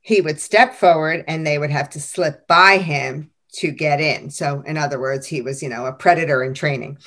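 A woman's voice: low voice, moderate pace. A woman hosting a casual teacher podcast, reading out classroom stories with frequent laughter. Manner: lively storyteller who laughs often.

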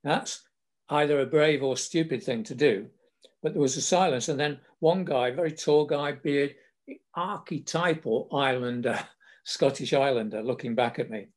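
A man's voice: medium pitch, moderate pace. Older southern English man reminiscing. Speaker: storyteller recalling his career. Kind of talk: casual spoken memoir.

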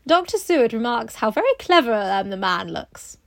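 A woman's voice: on the high side, very animated, normal speed, creaky, a crowd in the background. A woman co-hosting a casual book podcast, sarcastic and swearing freely, laughing often as she reads passages aloud. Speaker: podcast co-host. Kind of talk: casual book chat with dramatic readings.

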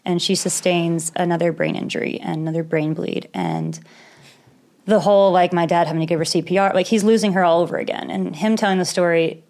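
A woman's voice: fairly low pitch, lively intonation, brisk, a little mellow. A young woman talks through a personal story in easy conversation. She is open and rambling, with nervous little laughs and the odd swear word. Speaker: guest telling a personal story. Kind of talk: casual conversation.

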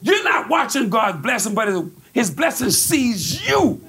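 A man preaching a fiery sermon as pastor, emphatic and repetitive, rising to shouts as the congregation answers. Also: very high voice, sing-song, unhurried.

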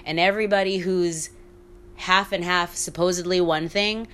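A woman hosting her own casual solo podcast, talking candidly in a hushed half-whisper, swearing freely and laughing often. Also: lowish voice. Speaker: podcast host.

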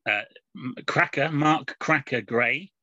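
A man's voice: medium pitch, slow, sharp tone, no room sound. A man co-hosting a casual podcast, rambling along with plenty of fillers and restarts. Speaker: podcast co-host. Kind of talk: casual chat reviewing comics. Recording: dull lo-fi podcast audio.

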